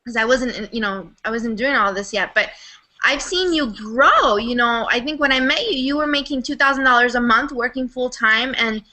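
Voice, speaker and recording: Very bright, high-pitched woman on a call. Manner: enthusiastic and supportive, talks quickly with fillers. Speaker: guest on a video hangout. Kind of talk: casual chat. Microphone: video call.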